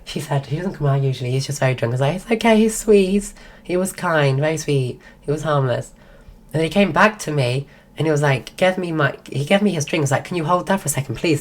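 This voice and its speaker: A woman streamer telling a rambling story in a casual way while sick and losing her voice. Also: low voice. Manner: rambling, full of "like" and restarts. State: sick, voice going.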